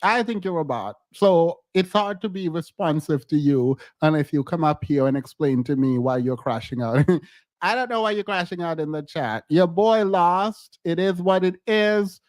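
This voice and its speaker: Man with a high voice, casual stream commentary, mocking and laughing, dry close sound. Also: expressive, moderate pace, no echo.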